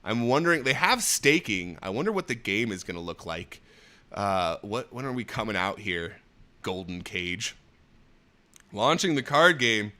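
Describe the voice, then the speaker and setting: A man in his thirties hosting a casual livestream, energetic and jokey, swearing and laughing often. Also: lowish voice, unhurried. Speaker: host.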